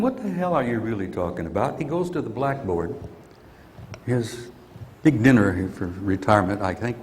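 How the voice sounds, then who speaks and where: A man's voice: medium pitch, a little mellow, big-room sound, a little hiss or hum. An older man giving a blunt, grumpy conference talk and venting his anger. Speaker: conference speaker. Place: conference hall.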